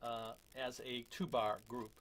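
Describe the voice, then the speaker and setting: A man giving a casual drum lesson, relaxed and self-deprecating, with lots of fillers. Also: medium pitch, unhurried, a little hiss or hum. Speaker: drum teacher. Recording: loud drums between talk.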